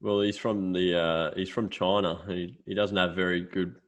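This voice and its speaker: A young Australian man with a fairly low voice chats casually as a podcast co-host. He tells long stories, swears freely and laughs as he goes. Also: level tone, normal speed. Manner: storytelling, swears freely, laughs while telling. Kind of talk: casual chat.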